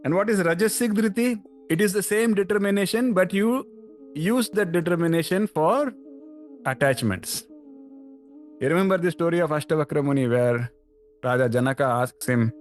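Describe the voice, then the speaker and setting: A man's voice: moderate pace, faint music behind. A man giving a casual spiritual talk to a study group, conversational, often restarting phrases and lifting his voice for emphasis. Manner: conversational, fillers and restarts, rises in pitch for emphasis. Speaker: spiritual teacher.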